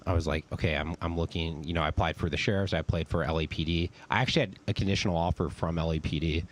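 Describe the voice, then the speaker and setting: A very deep-voiced man in his late twenties tells his story as an interview guest. He talks loosely, with plenty of "like" and "um" fillers. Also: fairly even intonation, very fast. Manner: loose, filler-heavy talk with many "like" and "um". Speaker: interview guest, military veteran.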